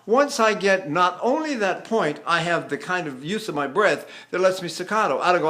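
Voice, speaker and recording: A man's voice: sits high, animated, brisk, hardly any pauses, fairly bright tone. An older man teaching a voice lesson with a trained tenor voice, talking animatedly and breaking into sung phrases. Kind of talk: vocal lesson with sung demonstrations.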